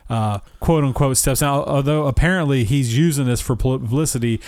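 A man's voice: mid-range voice, normal speed, darkish tone, no room sound, clean studio sound. A man co-hosting a podcast in loose, rambling casual chat, laughing often and swearing now and then. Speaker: podcast co-host.

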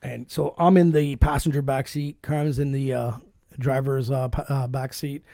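A man's voice: mid-range voice, normal speed, vocal fry, no room sound, clean studio sound. A man hosting a podcast, telling crude stories in casual, swearing chat. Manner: crude, swearing, animated storyteller. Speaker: podcast host.

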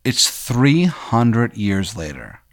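Lively, rambling male podcast host. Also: mid-range voice, extremely slow, creaky. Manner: rambling, scene-setting, swears casually. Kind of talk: improvised storytelling.

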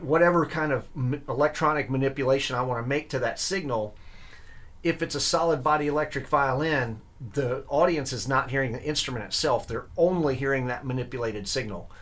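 A man's voice: mid-range voice, fairly bright tone. A young man talking as an interview guest, earnest and enthusiastic, with frequent fillers and restarts. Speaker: guest, electric violinist and grad student. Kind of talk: casual interview talk.

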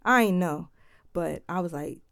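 A young woman from Philadelphia casually telling a travel story in a laid-back, slangy, animated way. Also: lowish voice, unhurried, gravelly, clear, resonant tone, no room sound, clean studio sound.

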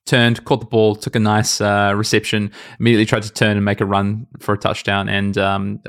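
A man's voice: fairly low pitch, monotone, fairly quick, fairly bright tone. A young man co-hosting a casual podcast, chatty and upbeat with lots of fillers. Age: young adult. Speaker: podcast co-host.

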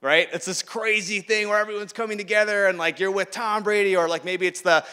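A man giving a sermon in a conversational way, acting out the voices he quotes and swinging from loud to hushed. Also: high voice, steady tone, a little fast, clean tone. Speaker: pastor.

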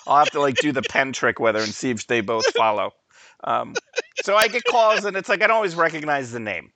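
A man's voice: mid-range voice, brisk, dry recording. A man co-hosting a podcast, telling stories in casual chat and laughing often. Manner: animated storyteller, laughs often. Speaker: podcast co-host.

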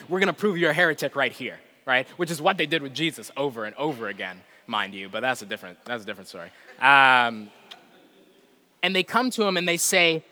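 A man preaching a casual, earnest sermon, moving between forceful emphasis and quiet, self-deprecating asides. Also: on the high side, no room sound. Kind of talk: conversational sermon.

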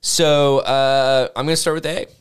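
A man's voice: mid-range voice, level tone, moderate pace, smooth. A man co-hosting a podcast in casual banter, laughing often, swearing and trailing off mid-sentence. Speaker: podcast co-host.

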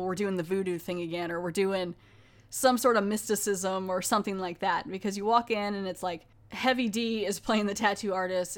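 Casting: woman podcast host, casual chatty recap, mid pitch, lively storytelling. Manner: chatty, animated retelling with quoted voices. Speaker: podcast host reviewing a TV episode.

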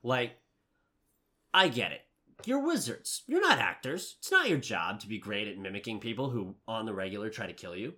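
Loud ranting man with animated pitch. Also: normal speed. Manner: loud ranting, cursing, mock voices. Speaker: movie review podcast co-host. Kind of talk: casual chat.

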